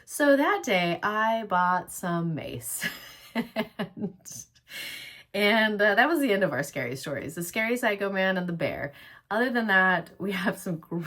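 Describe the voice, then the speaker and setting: Woman, vlogger, personal storytelling, heartfelt and reflective, hushed near-whisper at times, somewhat low voice. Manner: drops to a hushed near-whisper at tense moments. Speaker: vlogger, workshop host.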